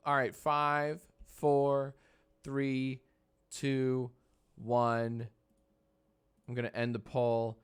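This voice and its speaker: A man's voice: mid-range voice, monotone, extremely slow, pauses often, smooth. A man in his thirties casually streaming from his home editing room, joking with chat, running polls and cooing at his dog. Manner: soft baby talk to his dog.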